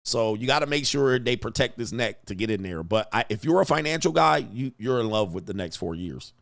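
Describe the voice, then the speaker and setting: A livestream host with a creaky, medium-pitched voice talks briskly and expressively, joking loosely in slangy, profane street talk. He laughs a lot and reads viewer comments aloud.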